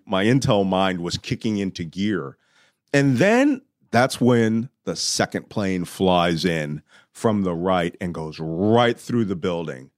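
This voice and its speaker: Low-voiced man telling a story. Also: no room sound, clean studio sound. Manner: vivid storytelling, shouts when reenacting. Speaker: guest telling a personal story. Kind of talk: animated storytelling.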